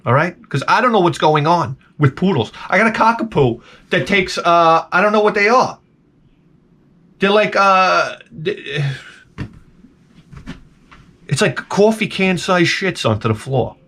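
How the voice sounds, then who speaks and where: Man, casual comedic rant, rambling and profane, lively swooping pitch, slightly high voice. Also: a little slow, long pauses. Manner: rambling, profane, animated storytelling. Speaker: vlogger.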